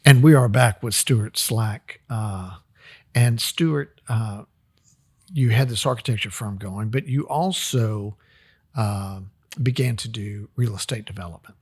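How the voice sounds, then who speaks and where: A man hosting a podcast, affirming his guest and asking him questions in a relaxed, conversational way. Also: lowish voice, measured pace, slightly rough. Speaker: podcast host. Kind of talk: casual interview hosting.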